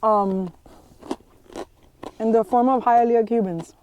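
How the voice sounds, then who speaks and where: A woman's voice: a little high, steady tone, takes it slowly, darkish tone, highs cut off, slight background noise. A young woman chatting casually as a podcast guest outdoors, blunt and chatty and swearing freely. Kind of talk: casual chat. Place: outdoors on a trail.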